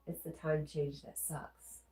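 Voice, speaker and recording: A woman's voice: low-pitched, level tone, takes it slowly, dark tone, echoey room. A woman with a Southern accent and a stuffy nose, casually chatting as a livestream host and reading viewer comments aloud. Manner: chatty, reads comments aloud and answers them.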